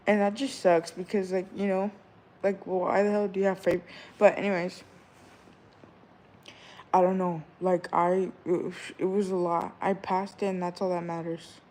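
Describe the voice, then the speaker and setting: A young woman in her twenties talks straight to her viewers in a relaxed, rambling vlog chat. She hands out advice and stories, looping back with "all right?" and "you know" as she goes. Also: medium pitch. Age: 20s. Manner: chatty, repeats "all right?", loose and rambling. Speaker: vlogger. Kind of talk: casual chat giving advice.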